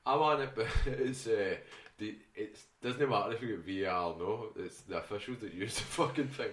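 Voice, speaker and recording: A man's voice: lowish voice, fairly quick, a bit bright, roomy sound, recorded from a distance. A man with a Glaswegian accent, co-hosting a casual football chat, blunt and sweary. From Scotland. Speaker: podcast co-host.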